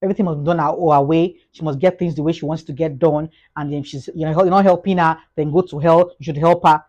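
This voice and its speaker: Fast-talking Nigerian woman vlogger. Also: deep voice, dull audio. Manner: fast-talking, animated, repeats words and restarts. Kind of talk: motivational talk to camera.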